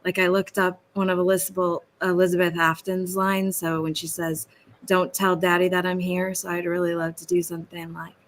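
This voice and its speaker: A woman guest speaks over a video call with a hoarse, rasping voice. She talks earnestly and draws her words out a little. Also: fairly low pitch, little pitch movement, a little fast, slight background noise.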